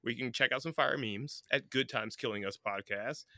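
A man's voice: medium pitch, normal speed, sharp tone, no room sound, studio quality. A man hosting a casual podcast, joking and swearing freely with his co-hosts. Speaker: podcast host.

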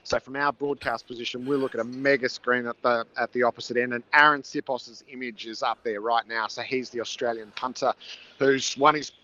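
A man's voice: mid-range voice, fairly even intonation, fairly quick, sharp tone, highs cut off. A man who calls football games, describing the build-up from his stadium broadcast position in vivid, storytelling detail. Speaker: NFL commentator calling the game. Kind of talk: on-location phone-in chat.

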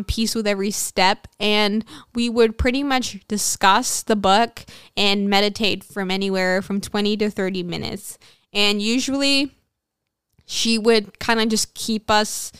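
A young woman talks in a casual, frank podcast ramble, quick with her fillers and asides. Her voice comes through very clear and smooth. The sound is close and dry, with no room around it. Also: medium pitch, dry recording. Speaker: podcast host. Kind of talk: casual personal storytelling.

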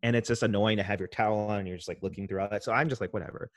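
A man's voice: on the low side, steady tone, rapid-fire, dry recording, studio quality. A man co-hosting a podcast, chatting casually with lots of fillers and laughter, on a headset microphone. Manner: rambling, laughs often, many fillers. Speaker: podcast co-host. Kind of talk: casual comedy chat.

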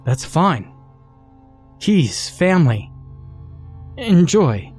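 A man voicing a creepy grinning male car salesman who speaks in a calm, clipped, eerie way. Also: a little high, drawn-out words, husky, faint music behind, voice pushed up, heavily acted.

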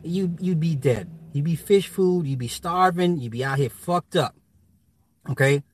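A man's voice: on the high side, unhurried, slight background noise. A man ranting casually to his viewers, profane and rambling, laughing often. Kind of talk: casual rant.

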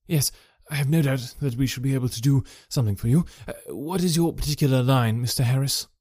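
A man voicing a nervous middle-aged male employer in an audiobook, with hurried, strained politeness. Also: medium pitch, darkish tone, husky, dry recording, studio quality, natural voice. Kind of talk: audiobook character voice.

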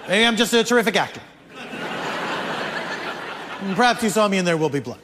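A man, a comedian, telling a comic story in an animated way. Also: high-pitched, a little fast, big-room sound, heavy background noise. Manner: animated, building to mock-outraged shouts.

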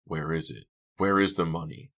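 Man doing a growling chainsaw villain, menacing, sarcastic, very deep voice, quiet threats, audiobook. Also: lively intonation, moderate pace, gravelly, exaggerated voice.

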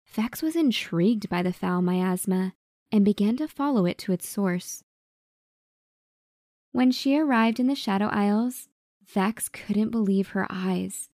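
A woman's voice: medium pitch, dry recording. Woman narrating a storybook, dry and close. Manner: wry, dramatic storytelling with hushed asides.

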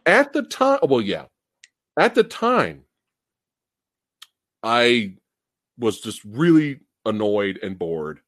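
Animated, foul-mouthed man ranting. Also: mid-range voice, slow, pauses often, dry recording. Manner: animated, profane, ranting with big laughs. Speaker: host. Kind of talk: casual podcast chat.

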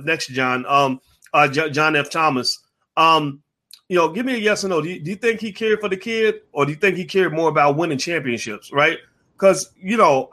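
Bright, high-voiced man hosting a panel. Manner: animated, restarts often, addresses chat audience. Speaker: panel show host. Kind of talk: casual panel discussion.

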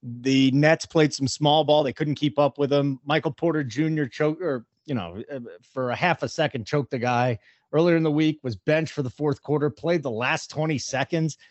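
Brisk opinionated male sports host, dry slightly muffled recording. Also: a little high, fairly even intonation, dry recording. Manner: opinionated, brisk, talks betting odds. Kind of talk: casual sports radio chat.

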